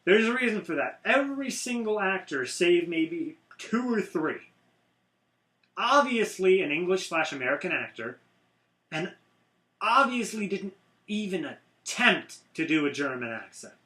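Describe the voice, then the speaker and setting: A man with a bright, forceful voice co-hosts a casual movie review. He trades sarcastic jabs as he talks. His voice sits a little high and echoes around the room. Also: big pitch swings, unhurried. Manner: sarcastic, mocking. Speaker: co-host of a movie review show. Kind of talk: casual chat.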